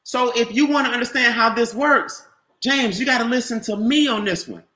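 A man giving an animated, repetitive motivational sales talk about a home business, calling on listeners by name. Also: very high-pitched, normal speed, reverberant. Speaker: business opportunity presenter.

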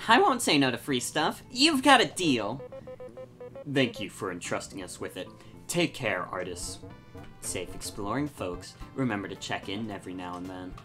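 A woman's voice: rumbling low, very animated, normal speed, music in the background. Woman doing a dry, weary bug clerk. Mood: wry. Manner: dry and quiet, offhand.

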